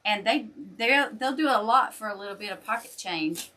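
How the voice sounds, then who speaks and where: A woman's voice: on the high side, lively intonation, normal speed, sharp tone. An older woman chatting folksily with viewers while making wreaths on a livestream. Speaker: wreath maker and shop host. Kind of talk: casual livestream chat while crafting.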